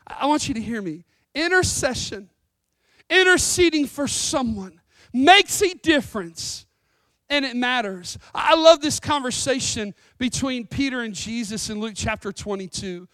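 A woman pastor preaching a sermon, earnest and emphatic, slowing down to stress lines of scripture. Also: on the high side, expressive, a bit bright, no room sound, clean studio sound. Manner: earnest, emphatic, with scripture readings and dramatic slowdowns.

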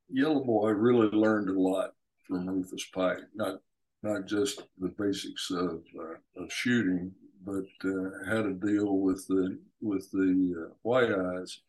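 A man, an author guest, explaining his book hesitantly with many pauses and fillers. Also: deep voice, steady tone, darkish tone, low-quality recording.

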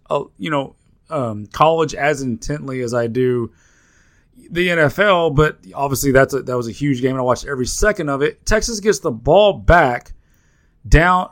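A man's voice: a little high, expressive, normal speed, fairly bright tone. A man co-hosting a sports podcast, talking in a heated, profane rant full of restarts. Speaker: podcast co-host. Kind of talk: casual sports betting podcast chat.

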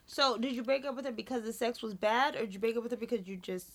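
A woman co-hosting a podcast in casual chat, animated and teasing, laughing often. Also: a little high, fast. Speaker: podcast co-host.

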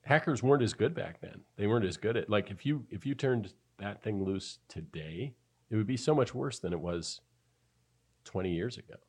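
A man co-hosts a podcast in loose, rambling conversation. His voice sits very low. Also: animated, normal speed, a little mellow, slightly rough. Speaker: podcast co-host. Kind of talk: casual podcast chat.

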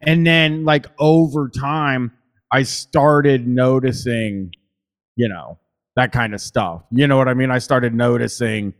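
A man with a plain Midwestern accent hosts a call-in show. He talks loosely and rambles, swearing freely and filling gaps with ums. His pitch sits in the middle. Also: takes it slowly. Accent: Midwestern American. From Columbus, Ohio. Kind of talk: casual call-in chat.

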